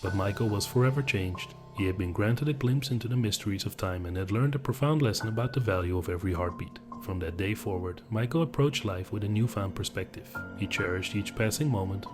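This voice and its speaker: A man narrating horror stories in an even, measured storytelling voice. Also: fairly low pitch. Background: background music.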